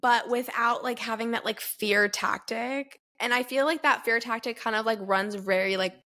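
A woman in her twenties co-hosting a podcast, talking casually with lots of "like" and lively retellings. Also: on the high side, normal speed. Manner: chatty, heavy use of "like", animated retellings. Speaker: podcast co-host. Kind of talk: casual chat.

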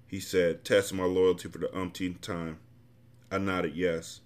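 Podcast host reading an urban novel, lowish male voice, casual and blunt. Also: little pitch movement, unhurried. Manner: casual, blunt, profane commentary. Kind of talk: reading a novel aloud and commenting.

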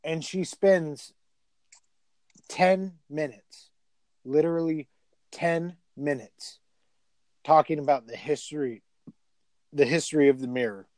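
A man's voice: a little high, takes it slowly, pauses often, darkish tone, dry recording. A man retelling a movie in a casual chat, rambling and profane, with lots of filler words.

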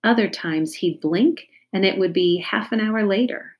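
A woman calmly reading a children's chapter book aloud as narrator. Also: mid-range voice, unhurried.

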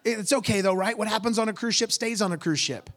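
A man voicing a distraught young woman in her twenties in a sermon story, in a high wailing, pleading voice. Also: fast talker, a bit bright.

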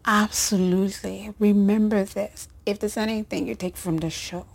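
A woman who works as a nurse, telling a personal story to her audience, emotional and rambling, with soft laughs and phrases dropped to a breathy whisper. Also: medium pitch, steady tone, measured pace. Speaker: nurse and show host.

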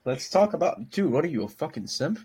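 A man's voice: a little high, sing-song, a little fast, a little mellow, slight background noise. A young man in a casual online chat with friends, rambling and stalling as he hunts for a topic.

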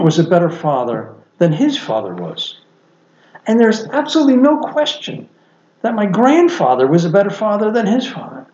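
A man in his sixties, a podcast guest and father, telling a reflective story earnestly with lively swings in pitch. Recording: echoey, dull lo-fi sound.

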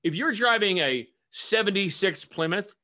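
A podcast co-host giving blunt, profane opinions in casual chat, sometimes speeding into quick rants. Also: mid-range voice, expressive, bright, forceful tone. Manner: blunt, opinionated, swears freely, bursts into fast rants.

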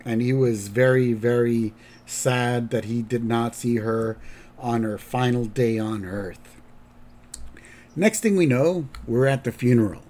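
Guy on a podcast rambling through an episode recap, mid-pitched voice, lots of restarts. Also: darkish tone. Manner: rambling, halting, with fillers and restarts. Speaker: podcast host.

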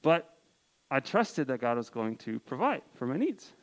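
A man in his twenties, a campus ministry speaker, tells a personal story in a sermon to a campus group, earnest and peppered with casual "like" fillers. His medium-pitched voice is very animated at a moderate pace, and the recording is rough.

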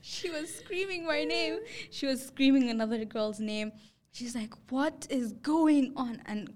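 Animated young woman telling a story. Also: unhurried. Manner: animated, acts out quotes with rising pitch. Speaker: podcast host. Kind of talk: casual storytelling chat.

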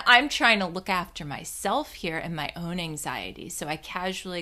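This young woman's storytelling monologue is casual and animated, full of self-mockery and free swearing. Her bright, forceful voice sits at medium pitch, keeps a sharp tone, and moves at normal speed with hardly any pauses.

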